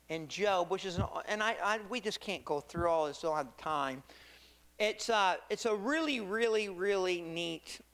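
A man's voice: a little high, a bit bright. Man, casual preacher, restarts a lot and keeps asking "right?". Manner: rambling, self-correcting, checks in with "right?" and "okay?". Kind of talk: conversational sermon.

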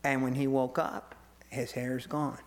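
A male pastor preaching a sermon, telling a Bible story with lively acted-out quotes. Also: medium pitch, moderate pace. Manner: animated storytelling, acts out quoted voices.

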